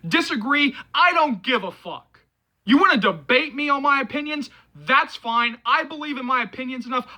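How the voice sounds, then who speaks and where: A man hosting a movie channel, hoarse from yelling, delivering a heated, repetitive and profane vlog rant to his viewers. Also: very high voice, low-quality recording.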